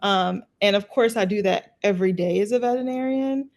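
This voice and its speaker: A woman's voice: mid-range voice, fairly quick, a little mellow. A young woman in her twenties, a veterinarian, answering interview questions earnestly and thoughtfully. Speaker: veterinarian guest.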